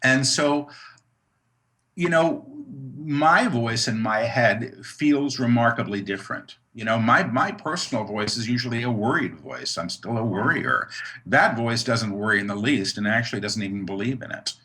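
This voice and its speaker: A man's voice: mid-range voice, animated, moderate pace, sharp tone. A man speaking as an interview guest, talking about his work in an earnest, reflective way, with frequent restarts and "you know"s. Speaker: guest, author and medium. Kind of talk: conversational interview.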